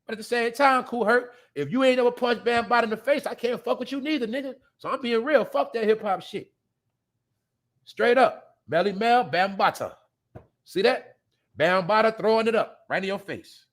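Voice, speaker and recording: A man hosting a show, ranting bluntly and profanely at his viewers, swinging between loud outbursts and low mutters. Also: moderate pace. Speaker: podcast host. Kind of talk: casual profane commentary.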